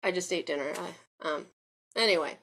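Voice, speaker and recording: Rambling, confiding woman with a lowish voice. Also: moderate pace, a bit bright. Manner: rambling, circles back with many restarts and fillers; earnest and confiding. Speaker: vlogger. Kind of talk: personal spoken reflection.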